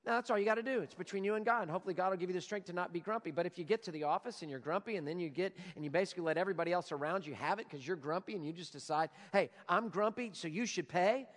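A pastor in his forties preaches in a high voice that carries a long reverb through the hall. He moves from loud, emphatic declarations to soft, prayerful passages. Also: rapid-fire, hardly any pauses. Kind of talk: sermon.

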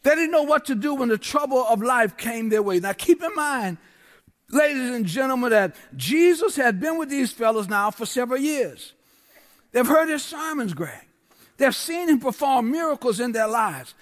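High-voiced preacher in a reverberant church. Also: male voice, animated, normal speed, a bit bright. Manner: rhythmic preaching with repeated refrains and call to the congregation. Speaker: guest pastor. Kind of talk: sermon. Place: large church. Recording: long church hall reverb.

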